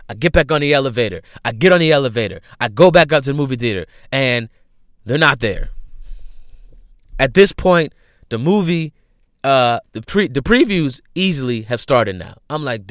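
A young man hosting a podcast, telling a story in a casual, profane, animated way and repeating himself when worked up. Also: medium pitch, normal speed, no echo, studio quality.

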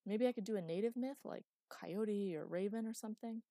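A woman's voice: medium pitch, brisk, gravelly, mellow, dry recording, voice pushed up, close to an everyday voice. A woman voicing a weary middle-aged father with dry, self-mocking humor, wry and grumbling. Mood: frustrated musing.

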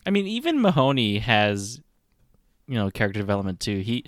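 Young man, podcast co-host, lively pitch, dry close sound, easygoing, agreeable. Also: fairly quick, no room sound. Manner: agreeable, chimes in, laughs often. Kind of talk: casual movie review chat.

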